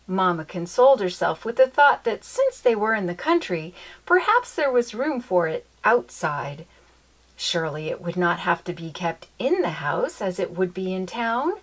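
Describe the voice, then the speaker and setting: A woman reading a children's chapter book aloud in an expressive, lilting storytelling manner. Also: medium pitch, a little slow.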